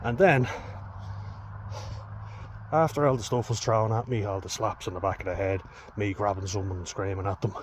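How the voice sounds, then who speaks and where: A man's voice: fairly low pitch, steady tone, normal speed, slight background noise. A man telling a personal story to camera, blunt and frank, swearing heavily. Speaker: vlogger.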